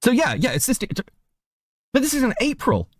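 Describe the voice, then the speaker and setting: Lively-voiced man thinking aloud. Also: very high-pitched, measured pace, dry recording, clean studio sound. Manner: thinking aloud, mutters while searching. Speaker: streamer going over messages on a call. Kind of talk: casual discussion.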